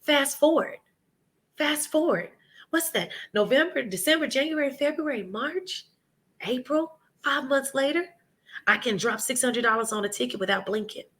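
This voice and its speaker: A woman, talking in a casual interview with a bright, forceful tone and a voice that sits a little high. She tells her story with animation and often slips into the voices of people she quotes. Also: lively intonation, moderate pace. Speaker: preschool owner and guest. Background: children nearby at home.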